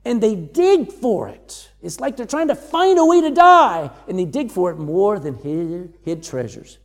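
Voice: mid-range voice, big pitch swings, measured pace, long reverb tail. A preacher giving a sermon, reading verses aloud and acting out the voices of the people quoted. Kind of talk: sermon teaching on scripture.

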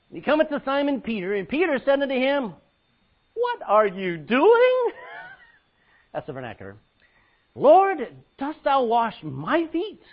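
A man's voice: sits high, muffled recording. A man preaching a sermon, acting out Bible scenes with laughs and sudden drops to a near-whisper. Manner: animated, acts out Bible scenes with laughs and dramatic drops in volume.

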